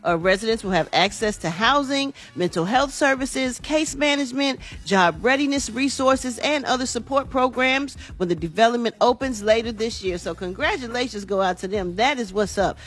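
A woman's voice: fairly high pitch, fairly bright tone, slightly rough. A woman hosting a chatty morning radio entertainment segment. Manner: chatty, laughs easily, casual asides. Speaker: entertainment news host.

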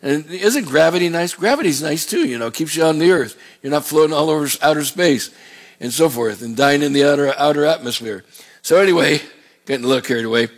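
A man's voice: fairly high pitch, expressive, quick pace. A middle-aged man preaching a sermon as a pastor, in a conversational way with rambling asides.

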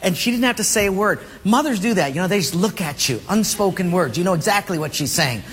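High, bright-voiced pastor in a reverberant hall. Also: male voice, lively intonation, fast, breathy edge. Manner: jokey, laughs at his own stories. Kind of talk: humorous sermon storytelling. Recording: long hall reverb, faint background noise.

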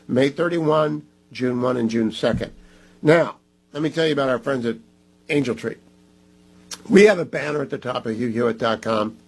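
Husky man doing radio ad reads. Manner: emphatic, repeats phone numbers, conversational pitching. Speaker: radio talk show host. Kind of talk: live host-read radio ads.

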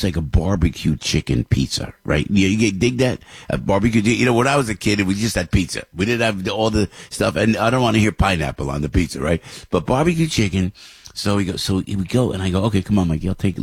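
A middle-aged New man hosts a morning radio show and rambles through a story, starting over again and again. His voice sits very low but swings widely in pitch. It has a husky edge and is recorded close and dry. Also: no echo. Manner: rambling, chatty, with many restarts.

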